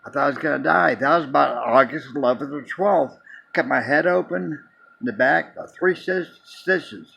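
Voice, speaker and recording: Husky man telling a rambling story. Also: on the high side, moderate pace, bright, forceful tone, low-quality recording. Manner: rambling, with frequent restarts and repeated words. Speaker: vlogger. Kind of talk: casual storytelling.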